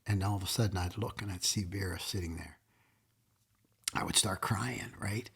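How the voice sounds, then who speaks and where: Man, low voice, gravelly, husky, interview guest, folksy emotional storytelling. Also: normal speed, a bit bright. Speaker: museum founder and guest.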